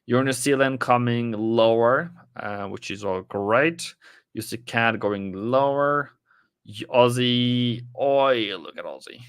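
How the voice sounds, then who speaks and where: A man's voice: medium pitch, slow pace, fairly bright tone, smooth, dry recording, clean studio sound. A man casually commenting on a live trading stream, rambling and chatting with viewers as he goes through the charts.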